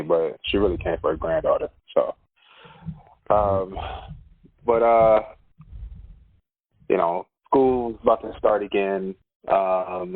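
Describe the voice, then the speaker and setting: A man, a school counselor, chatting as a guest on a podcast, laid-back and laughing often as he tells stories. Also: low-pitched. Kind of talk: casual podcast chat. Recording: phone-like narrow sound.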